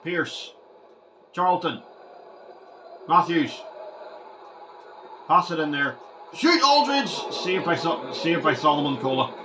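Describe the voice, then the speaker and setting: A man commentating his own retro football game, ranting and shouting at the players when things go wrong. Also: a little high, slow, long pauses, slight background noise. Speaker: gaming channel host.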